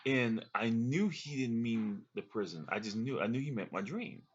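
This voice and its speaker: Husky man rambling about a dream. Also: medium pitch, animated, dull audio. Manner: rambling, searching, quick restarts and fillers. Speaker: vlogger recounting a dream. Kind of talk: casual storytelling to camera.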